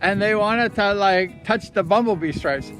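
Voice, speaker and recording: A man's voice: high voice, a little slow. A man, a former motorcycle racer, telling amused stories in a casual vlog, speaking outdoors by the ocean. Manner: chatty, amused, self-deprecating storyteller. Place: outdoors by the ocean at low tide with his dog. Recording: background music under the voice.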